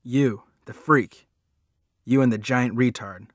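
A man voicing a cruel, swaggering teenage gang bully who drawls slow, menacing taunts in an audiobook. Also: mid-range voice, no echo, studio quality. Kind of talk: audiobook character voice.

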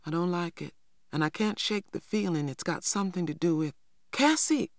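A reader voicing a gentle, anxious mother who speaks softly but firmly, in a dry, close recording. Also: medium pitch, expressive, moderate pace, dry recording, voice pushed up, lightly acted. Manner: soft, tender, firm when giving orders. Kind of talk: audiobook character voice.

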